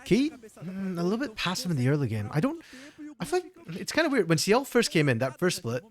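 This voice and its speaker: A man's voice: high-pitched, wildly swooping pitch, fast. A man co-streaming an esports match, talking in a chatty, laid-back way and answering chat. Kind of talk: casual live-stream commentary.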